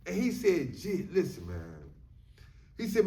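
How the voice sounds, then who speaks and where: Man, high-pitched, loose conversational storyteller; echoey room, off-mic. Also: wildly swooping pitch, takes it slowly, long pauses, dark tone, distant mic. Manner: loose conversational talk with frequent "you know what I'm saying". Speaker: storyteller sharing his prison experience. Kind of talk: casual storytelling monologue.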